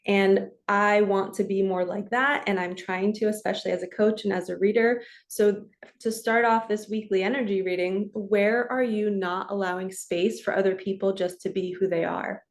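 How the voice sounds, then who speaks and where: A woman in her forties, working as a spiritual coach and reader, talks straight to camera in a loose, chatty monologue. Her voice sits at an ordinary middle pitch, and she stays earnest while laughing often. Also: fairly even intonation, moderate pace. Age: 40s.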